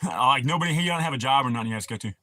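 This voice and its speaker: Man, crude rambling livestream chat, bright voice, dry close sound. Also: medium pitch, expressive, rapid-fire, no echo. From United States. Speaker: livestream host.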